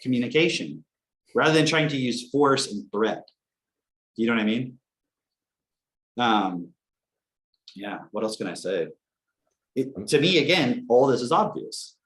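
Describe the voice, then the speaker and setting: A young man on a casual podcast, telling animated stories, acting out quotes and swearing casually. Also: mid-range voice, unhurried, long pauses. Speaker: podcast co-host.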